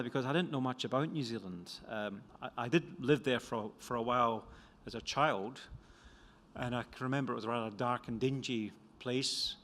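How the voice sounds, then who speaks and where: An older man from Scotland, an economist with a Scottish accent, gives a rambling, self-deprecating conference talk about his book, restarting many times. His voice is mid-range with a fairly bright tone, heard in lecture hall reverb.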